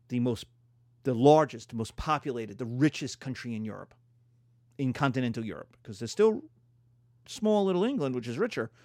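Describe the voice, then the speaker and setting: A man's voice: medium pitch, a little mellow, no echo, clean studio sound. A man giving a playful history lecture, acting out countries in silly voices.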